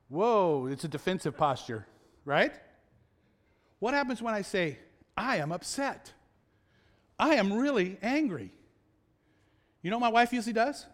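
A male pastor preaching a sermon in a conversational way, asking rhetorical questions and slowing down to stress key words. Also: high voice, very animated.

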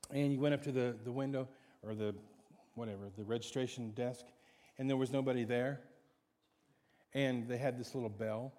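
A man preaching a sermon, dramatic, swinging from hushed to loud. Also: mid-range voice, normal speed. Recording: long hall reverb.

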